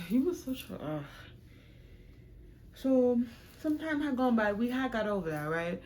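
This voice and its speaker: A young woman telling a storytime on her vlog, frank, animated and profane. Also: fairly high pitch, unhurried, long pauses, slight background noise. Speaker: vlogger.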